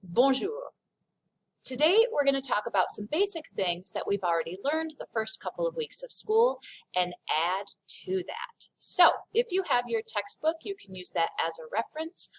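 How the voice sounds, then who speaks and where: A woman French teacher giving a recorded lesson, slowly modeling phrases for students to repeat. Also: on the high side, sing-song, a little hiss or hum, rough recording. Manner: clear, deliberate modeling of pronunciation.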